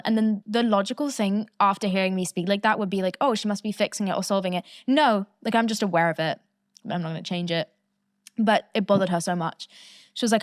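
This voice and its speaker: A woman's voice: medium pitch, moderate pace, no room sound, clean studio sound. A woman in her twenties hosting a podcast, talking candidly and casually, swearing freely and laughing often. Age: 20s. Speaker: podcast host.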